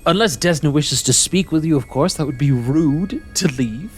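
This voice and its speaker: A man voicing a gracious, serene female celestial who welcomes travelers with gentle formality. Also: on the high side, animated, moderate pace, husky, soft background music, pitched above the performer's own voice. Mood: welcoming.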